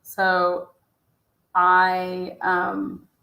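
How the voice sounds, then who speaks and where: A woman's voice: lowish voice, monotone, drawn-out words, gravelly, bright, forceful tone. A woman giving casual, blunt and profane commentary while reading out messages, often talking back to herself. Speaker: true-crime commentator. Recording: roomy echo.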